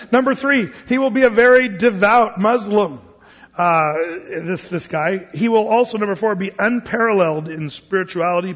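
A man preaching a sermon as pastor, talking conversationally with frequent restarts and fillers. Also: high voice. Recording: dull lo-fi sound with long hall reverb.

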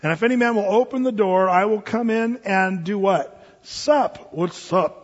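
A male pastor in his forties gives an animated sermon and slips into playful voices as he tells everyday stories. His voice sits high and sounds husky. The recording is dull and lo-fi, with a long reverb from a large hall. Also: normal speed. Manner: animated storytelling, acting out voices in quoted asides.

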